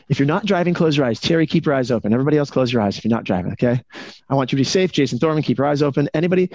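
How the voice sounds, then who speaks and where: A fast-talking male coach leading a real estate team on a video call, throwing question after question at the group. His tone is mellow and dark. The call audio is dry and muffled. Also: mid-range voice, no room sound. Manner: energetic, asks the group many questions.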